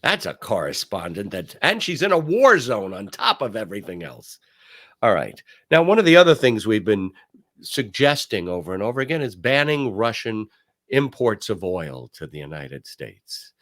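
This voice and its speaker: Animated low-voiced older male host. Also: moderate pace. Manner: animated, emphatic storyteller. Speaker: talk show host. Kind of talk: casual commentary.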